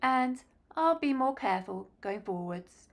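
A woman's voice: high-pitched, lively intonation, unhurried. A woman playing an earnest, apologetic partner. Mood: sincere. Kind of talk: comic sketch acting.

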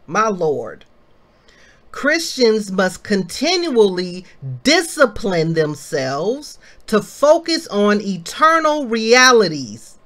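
A woman's voice: mid-range voice, big pitch swings, slow pace, a bit bright. A woman in her thirties leading an informal Bible study, reading passages and exhorting listeners with questions she answers herself. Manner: exhorting, asks questions and answers them, exclaims.

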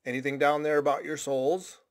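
A man's voice: fairly high pitch, level tone, brisk, voice pushed up, close to an everyday voice. A man voicing a shabby, intense old sailor who mutters cryptic, ominous warnings. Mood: ominous, insistent.

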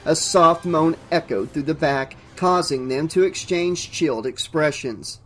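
A man narrating an audiobook in a measured, even storytelling manner. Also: on the high side, faint music behind.

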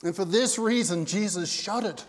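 Pastor guy preaching hard, highish voice, goes loud then real quiet, big church echo. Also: normal speed. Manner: impassioned preaching that swings from loud to hushed. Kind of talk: sermon. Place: church sanctuary. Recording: long reverb of a church hall.

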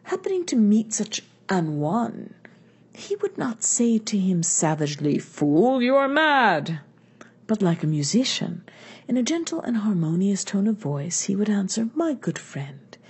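A woman's voice: medium pitch, very animated, moderate pace, warm tone, husky, full character voice. A woman reading the lines of an older male philosopher in a patient, questioning manner. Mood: reasoning. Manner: reasoned, questioning delivery.

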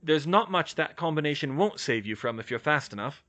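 A man reading aloud voices a calm, firm young curse breaker giving instructions. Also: on the high side, a little fast, voice pushed up.

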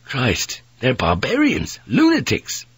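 A man voicing a frightened young sailor who has lost his teeth, with panicky, shrill outbursts. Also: brisk, fairly bright tone, breathy edge, no echo. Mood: horrified. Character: fearful young male sailor, toothless.

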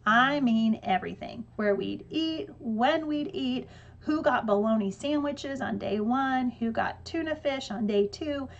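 Woman reading an audiobook, lively with dry humor, kinda high, sound is a bit muffled. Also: unhurried. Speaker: audiobook narrator. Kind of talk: audiobook narration.

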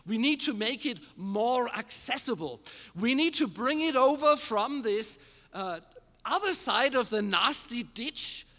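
A male pastor preaching a sermon to a live congregation, emphatic, asking the room questions and building to shouted climaxes. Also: very high voice. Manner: addresses the congregation directly with questions. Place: church service with a live congregation. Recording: long hall reverb in a church.

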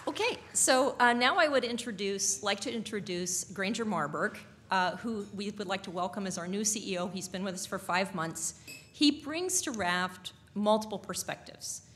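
A woman on a nonprofit's board welcoming guests at a dinner, speaking warmly with many fillers and restarts. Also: mid-range voice, animated, some chatter behind, slight background noise. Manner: warm, halting, with many fillers. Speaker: board member introducing the event. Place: banquet hall.

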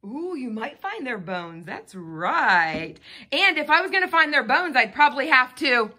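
Lively bright-voiced woman teaching phonics. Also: high-pitched. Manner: patient, sounds out letter sounds slowly. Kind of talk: phonics lesson with a child.

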